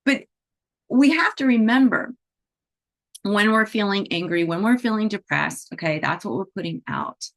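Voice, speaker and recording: A woman's voice: mid-range voice, animated, normal speed, gravelly. A middle-aged woman teaching animal Reiki in a conversational way, with frequent "you know" and "right?" asides.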